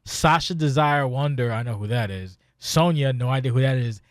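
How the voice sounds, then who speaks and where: Man, podcast host, excitable, profane, rambling, dry mic. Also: mid-range voice, normal speed, no echo. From Spanish heritage. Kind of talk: casual podcast chat.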